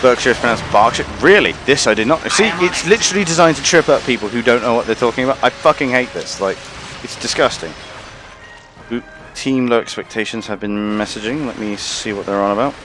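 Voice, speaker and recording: A man's voice: mid-range voice, brisk, noisy background. Rambling man streaming a game. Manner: rambling, swears casually. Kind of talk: casual gameplay chat.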